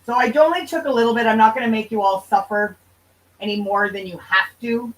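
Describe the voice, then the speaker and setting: A woman's voice: on the high side, brisk, recorded from a distance, low-quality recording. A woman hosting a livestream in casual chat, answering viewers' comments in a loose, profane, bantering way. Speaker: livestream host.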